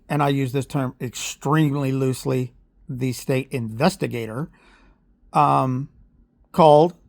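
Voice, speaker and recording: A man's voice: mid-range voice, gravelly, no room sound, studio quality. A man from Oklahoma, telling a heated, blunt story in a vlog rant with sarcastic asides. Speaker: parent vlogger. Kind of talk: ranting vlog monologue.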